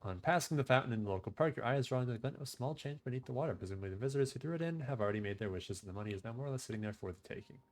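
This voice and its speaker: A man streaming a game, reading its text aloud and chatting casually in a relaxed, trailing-off way. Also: medium pitch, very fast, hardly any pauses.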